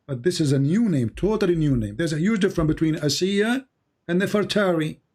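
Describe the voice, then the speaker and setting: A man with Arabic as his first language debates a caller, lecturing insistently and hammering his points again and again. His voice sits fairly high but sounds dark and mellow. His phrasing is halting, with frequent restarts. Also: expressive. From Middle East. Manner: insistent, lecturing, repeats points with rising emphasis. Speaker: Christian apologist debating a caller. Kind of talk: heated debate on a call-in show.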